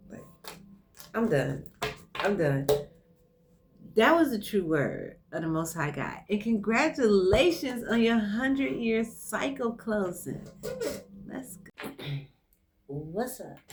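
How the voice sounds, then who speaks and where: A woman reads tarot online in a casual, effusive way, speaking right to the viewer. Her medium-pitched voice is a little mellow, and the clip carries a slight hiss or hum along with clearly audible background music.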